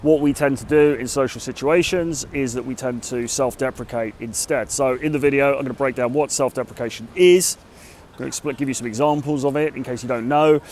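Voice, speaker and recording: A British man at a middling pitch talks casually to the camera from a city street, with faint traffic behind him. His delivery is loose and conversational, full of "sort of" and "kind of". He hedges his way toward his points. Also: brisk, a little mellow. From Britain. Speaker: dating coach vlogger. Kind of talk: casual advice talk to camera. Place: outdoors in a city.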